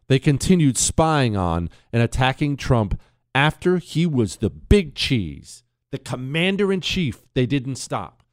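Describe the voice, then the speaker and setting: A man's voice: medium pitch, measured pace. A middle-aged man hosting a radio talk show, delivering an opinionated, sarcastic monologue. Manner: animated, sarcastic, mocks others in put-on voices.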